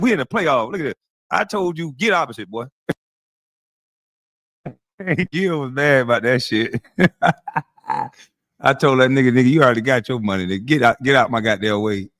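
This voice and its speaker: A man's voice: a little high, fairly bright tone, dry recording, clean studio sound. A man in his forties trash-talking and bragging over old game footage, boastful, often laughing and calling people "boy". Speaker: former basketball player reacting to game clips. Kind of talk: profane trash-talk commentary over video.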